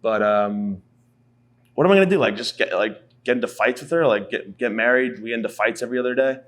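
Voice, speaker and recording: A man's voice: medium pitch, fast. A man in his thirties delivering a rambling, profane, self-mocking comedy monologue as a podcast host. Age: 30s.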